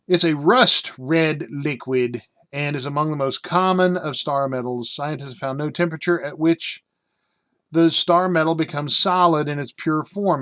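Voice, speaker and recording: A man's voice: on the high side, fairly bright tone. A man casually reviewing a game rulebook, reading passages aloud and breaking off into rambling jokey asides full of fillers.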